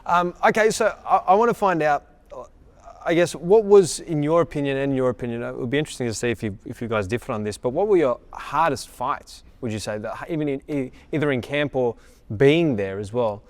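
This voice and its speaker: A man's voice: mid-range voice, brisk, long reverb tail. A man hosting a casual interview, laughing often and asking eager questions. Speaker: podcast host.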